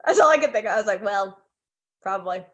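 A woman's voice: mid-range voice, expressive, a bit bright, highs cut off. A woman co-hosting a podcast, chatting casually and adding joking asides. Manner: joking asides and quick quips. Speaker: podcast co-host. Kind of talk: casual chat.

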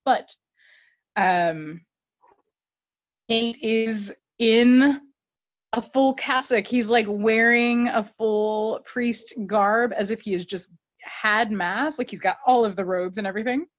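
A woman's voice: a little high, takes it slowly, no room sound, lo-fi sound. A woman co-hosting a podcast, chatting casually and animatedly as she recaps a TV episode with laughter. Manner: animated, laughing, acts out quotes. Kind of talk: casual chat.

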